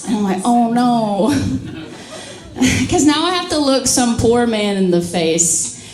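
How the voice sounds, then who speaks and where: A woman's voice: a little high, very animated, normal speed. A drunk woman from a small town in Mississippi, doing a bawdy, self-mocking stand-up set and laughing at her own jokes. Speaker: stand-up comedian. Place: comedy club stage with a live audience. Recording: echoey room with loud crowd laughter.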